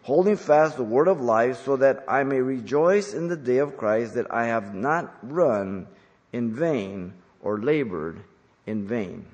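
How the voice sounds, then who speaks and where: A man preaching an expository sermon as a pastor, emphatic and deliberate, slowing down on key phrases. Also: medium pitch, expressive, darkish tone. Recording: long hall reverb.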